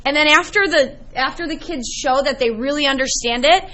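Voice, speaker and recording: Lively high-voiced woman math teacher. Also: brisk, lo-fi sound. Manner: lively, chatty storytelling to students. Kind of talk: classroom teaching. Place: classroom.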